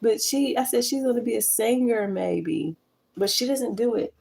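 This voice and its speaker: A chatty vlogger in her thirties, with a fairly high, slightly mellow voice and vocal fry, speaks at a moderate pace while doing chores in her small apartment kitchen. She talks candidly, calling her viewers "y'all." The recording is rough.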